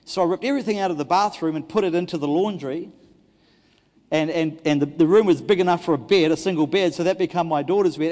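A New pastor preaches a sermon in a fairly high voice. He tells stories with animated swings between loud and hushed delivery. His voice rings with long reverb in a big hall. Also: fast talker.

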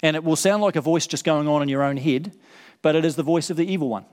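Male pastor, sermon delivery, earnest and repetitive for emphasis, somewhat high pitch, reverberant hall. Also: fast talker, a little mellow. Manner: earnest, repeats words for emphasis.

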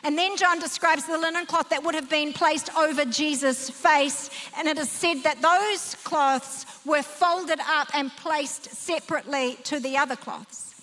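Bright-voiced woman preaching in a reverberant hall. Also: fairly even intonation, measured pace, few pauses, slight background noise. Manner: emphatic, vivid storytelling with sweeping pitch. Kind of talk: sermon. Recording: long reverb of a large hall.

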